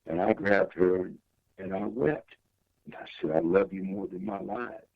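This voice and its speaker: A man's voice: normal speed, vocal fry, no echo, phone-quality sound. An older man, a guest singer, telling a personal story in an interview with emphatic, swinging delivery. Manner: emphatic testimony with big pitch swings.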